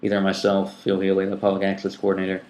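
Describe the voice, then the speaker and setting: A man with a lowish voice hosts a casual, chatty podcast and rambles through his points with plenty of ums and restarts. The room around him gives his voice a noticeable echo. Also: completely flat delivery, fast talker, darkish tone, a little hiss or hum. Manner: rambling, many ums and restarts, laughs easily. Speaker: public access TV coordinator and podcast host. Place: room at a community TV station. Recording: roomy echo.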